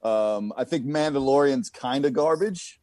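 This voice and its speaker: A man co-hosting a casual chat, talking in a rambling, profane, animated way. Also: mid-range voice, measured pace, dry recording.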